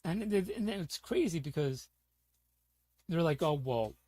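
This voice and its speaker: A man's voice: high voice, expressive, a little slow, darkish tone, breathy edge, no room sound. A man streaming, ranting in a heated, profane, rambling way, often asking "you know what I'm saying". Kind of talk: casual livestream rant.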